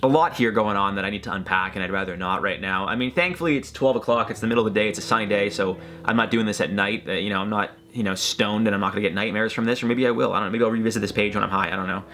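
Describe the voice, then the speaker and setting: A man's voice: on the low side, rapid-fire, hardly any pauses, pushed and bright, a little hiss or hum. A man hosting a reaction video, talking in a rambling, hesitant, joking way. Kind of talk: casual commentary.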